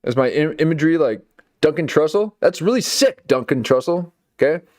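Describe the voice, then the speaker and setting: A man's voice: on the high side, animated, brisk, a little mellow. A man hosting a late-night commentary stream, talking in a sarcastic, rambling way and often tacking on "okay" and "folks". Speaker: live stream host.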